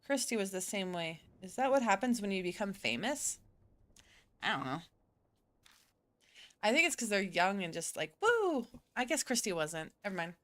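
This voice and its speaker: A woman's voice: mid-range voice, lively intonation, normal speed, pauses often, a bit bright. A woman streaming a visual novel, reading its lines aloud and chatting between them. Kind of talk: casual game stream, reading dialogue with character voices.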